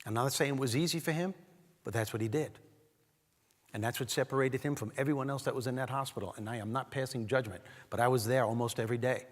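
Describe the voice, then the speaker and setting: A man's voice: mid-range voice, fast talker. Man giving a keynote in a big hall. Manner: animated storyteller addressing the audience directly. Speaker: keynote speaker. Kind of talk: motivational speech. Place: large event hall. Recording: long hall reverb.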